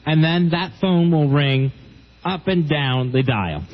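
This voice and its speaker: A man's voice: a little high, takes it slowly. A man co-hosting a radio show, chatting casually and agreeably with a chuckling manner. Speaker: radio co-host. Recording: dull lo-fi radio broadcast.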